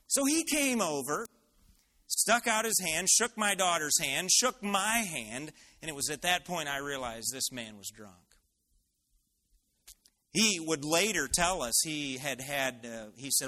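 Animated male preacher with bright voice. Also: a little high, normal speed. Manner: animated, personal anecdote. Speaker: pastor. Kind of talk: sermon storytelling.

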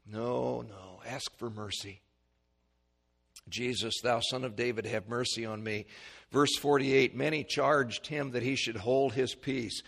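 A male preacher giving a sermon, swinging from hushed, slow pleading to loud, high-pitched shouts. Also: fairly even intonation, creaky. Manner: dramatic swings from quiet to shouting.

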